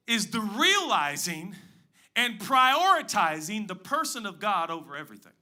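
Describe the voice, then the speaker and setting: Male pastor, sermon delivery, very bright tone, slightly high voice, big swings from loud to hushed. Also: sing-song, normal speed. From Pacific Northwest. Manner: dynamic preaching, swings from loud emphatic highs to hushed low asides.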